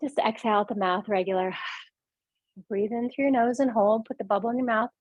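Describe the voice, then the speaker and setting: A woman's voice: a little high, fairly even intonation, fairly quick, no echo, phone-quality sound. A woman yoga and mindfulness instructor leading a guided laughter exercise, upbeat and encouraging.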